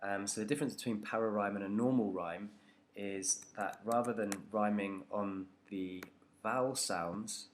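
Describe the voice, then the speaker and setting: A man's voice: fairly low pitch, fairly even intonation, moderate pace, slight background noise. A man teaching a poetry analysis lesson, talking it through unscripted and hesitant, with many ums and restarts.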